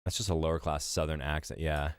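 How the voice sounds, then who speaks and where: A man chatting on a live stream while reacting to a video, rambling, profane and animated. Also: extremely low pitch, fairly quick, slight background noise.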